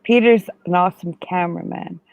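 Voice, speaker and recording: A woman's voice: fairly low pitch, fairly quick, vocal fry, a little mellow, no room sound, lo-fi sound. A woman co-hosting a casual live chat. She keeps to short, easygoing replies and agrees with whatever is said. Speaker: co-host.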